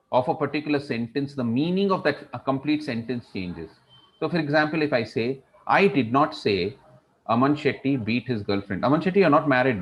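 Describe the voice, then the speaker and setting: Expressive male speaking coach. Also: mid-range voice, highs cut off. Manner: strongly varied emphasis, dramatic pauses. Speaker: public speaking instructor. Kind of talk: online class lecture with storytelling. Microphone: video call.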